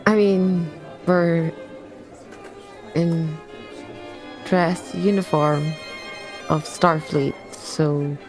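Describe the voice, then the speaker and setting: Slow-talking giggly woman player. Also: lowish voice, fairly even intonation, darkish tone, faint music behind. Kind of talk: tabletop game podcast chat.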